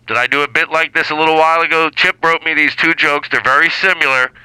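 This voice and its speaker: A man's voice: on the high side, fairly even intonation, quick pace, pushed and bright, clean tone, no echo, poor audio. A man hosting a comedy podcast alone in a barn studio, rambling and riffing in scattered bursts. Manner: scattered, riffing, restarts and bursts of silly bits. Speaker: podcast host.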